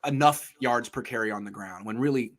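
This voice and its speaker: A man's voice: mid-range voice, fast talker. A man hosting a casual sports podcast, talking in an emphatic, jokey way and repeating himself for effect. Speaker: podcast host.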